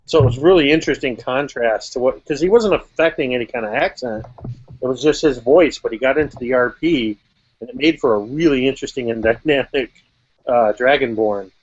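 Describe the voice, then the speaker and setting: A man who runs tabletop games chats casually, pausing and repeating words as he goes. His pitch sits in the middle. The call audio sounds dull and lo-fi. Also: a little hiss or hum. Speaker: game master and host. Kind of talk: casual chat.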